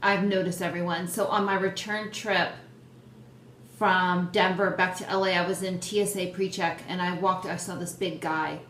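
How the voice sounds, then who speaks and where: A young woman hosting her own vlog, chatting excitedly and poking fun at herself. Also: fairly low pitch, moderate pace. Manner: excitable, chatty, self-deprecating. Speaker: host. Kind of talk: casual vlog chat. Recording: roomy echo, faint background noise.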